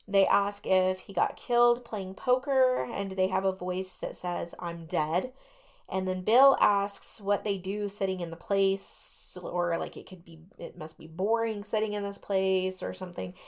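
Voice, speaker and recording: A woman's voice: mid-range voice, fairly even intonation, measured pace, vocal fry, hardly any pauses. A woman co-hosting a radio talk show, casually retelling ghost stories with lots of fillers and skeptical asides. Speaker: podcast co-host.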